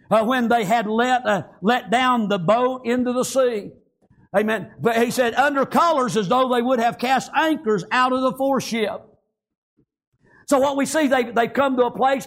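A man's voice: very high voice, fairly bright tone. A man preaching a fervent sermon, peppering his speech with amens and praise Gods.

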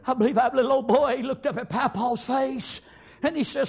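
A male preacher telling a story in a sermon, punctuated with amens and shouted lines. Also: extremely high pitch, fairly even intonation, fairly quick, vocal fry, husky.

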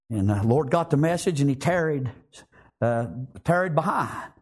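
A man's voice: a little high, brisk. A man preaching a sermon, repeating himself and calling out amens. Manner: animated preaching with frequent repetitions and amens.

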